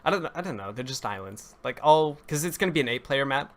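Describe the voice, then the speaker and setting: A young man with an animated, mid-pitched and somewhat bright voice talks quickly while live-streaming a build. His casual commentary rambles with self-corrections as he greets people and talks to chat, and every so often his voice cracks.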